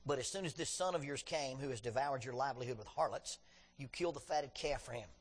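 A man's voice: mid-range voice, quick pace, husky, big-room sound. A man preaching a sermon in a conversational way with joking asides, reading scripture with drama. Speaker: pastor.

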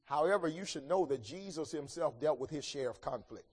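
High-voiced preacher in a reverberant hall. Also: male voice, expressive, a little fast, breathy edge. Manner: preaching with swings from loud to hushed. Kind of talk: sermon.

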